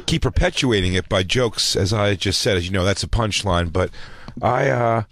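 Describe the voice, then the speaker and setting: A man's voice: fairly low pitch, normal speed, very noisy. A man co-hosting a podcast, riffing casually and acting out mock bits. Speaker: podcast co-host. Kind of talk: casual chat.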